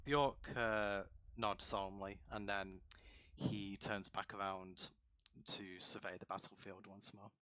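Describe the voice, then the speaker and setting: Bright-voiced man running a tabletop game. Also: fairly low pitch, measured pace, dry recording. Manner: relaxed, rambling narration with many fillers. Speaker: dungeon master.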